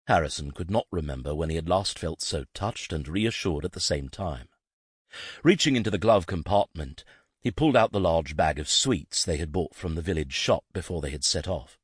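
A man narrating a novel in an expressive, scripted reading. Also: low-pitched, normal speed, slightly rough, dry recording, clean studio sound. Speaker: audiobook narrator.

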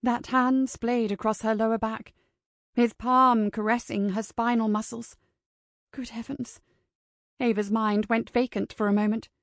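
A woman reading an audiobook in a measured, expressive way. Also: on the high side, no echo, studio quality. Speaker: audiobook narrator. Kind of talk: scripted audiobook narration.

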